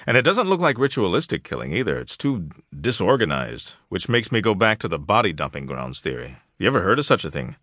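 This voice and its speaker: A man playing a seasoned archaeologist in a storybook, blunt and plain-spoken, with a lowish voice. His pitch moves a lot, and the sound is dry and close. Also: big pitch swings, brisk, hardly any pauses, a bit bright, no echo, full character voice. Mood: baffled. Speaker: storybook character in an audiobook.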